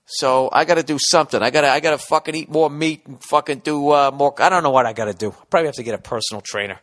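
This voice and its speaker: A man's voice: on the high side, quick pace, a bit bright. Foul-mouthed rambling male comic, roomy. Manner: blunt, rambling, heavy swearing. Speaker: podcast host. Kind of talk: profane comedic monologue.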